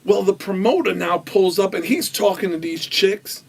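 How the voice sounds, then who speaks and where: A man with a gravelly, husky voice tells a wild story as a guest on a talk show. He acts out the voices of the people in it, laughing as he goes. He sits a little back from the mic. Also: high-pitched, moderate pace, far from the mic. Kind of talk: animated anecdote telling.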